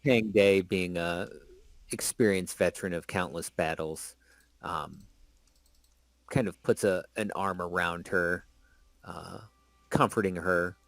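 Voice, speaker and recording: A man's voice: low voice, steady tone, slow pace, long pauses, fairly bright tone, no room sound. A man narrating his character in a tabletop game, casually with fillers. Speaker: player. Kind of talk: tabletop role-play narration.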